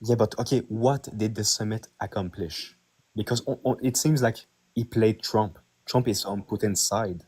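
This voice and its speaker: A man's voice: lowish voice, normal speed, a little mellow, husky. A man from Quebec with a French Canadian accent, pressing questions in a political debate. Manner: persistent questioning. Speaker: debate participant.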